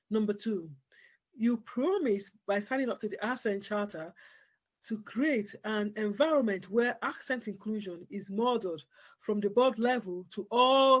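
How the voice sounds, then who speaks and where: Interview host, formal and measured, steady delivery. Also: male voice, high voice. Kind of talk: scripted interview introduction.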